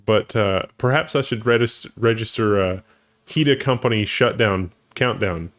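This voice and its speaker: Low-voiced man discussing tech news. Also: moderate pace, a bit bright. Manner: thinks aloud, restarts phrases, laughs easily. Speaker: co-host.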